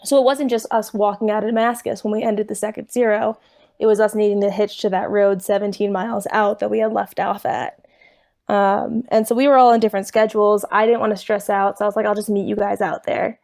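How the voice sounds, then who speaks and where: A young woman, a podcast guest, telling a story in an animated, laughing way. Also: medium pitch, fairly quick, vocal fry. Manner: animated, laughing, quotes others. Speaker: guest, thru-hiker. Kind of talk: casual storytelling.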